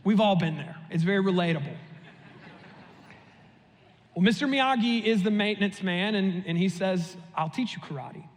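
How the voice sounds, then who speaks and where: A young adult man, a pastor, giving a sermon in a relaxed, humorous storytelling manner in a church sanctuary. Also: high-pitched, normal speed, long pauses. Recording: long hall reverb.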